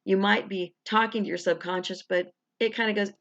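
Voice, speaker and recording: A woman hosting a guided affirmation talk in an encouraging, conversational way, slowing down to speak each affirmation. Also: fairly low pitch, fairly bright tone. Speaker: affirmation coach, host. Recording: dull lo-fi recording.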